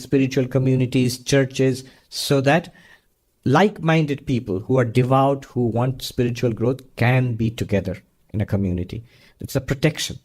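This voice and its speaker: A man's voice: mid-range voice, a little mellow. A man, a monk and spiritual teacher, answering a question in an earnest, storytelling way. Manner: earnest storytelling with frequent laughter. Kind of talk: spiritual Q&A talk.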